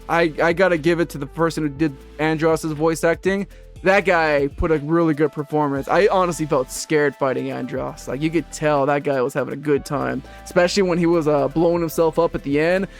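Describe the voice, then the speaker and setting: Brief: high-pitched male gaming host, rambling casual review, faint music underneath. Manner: rambling, chatty, laughs easily. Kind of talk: casual game review voice-over.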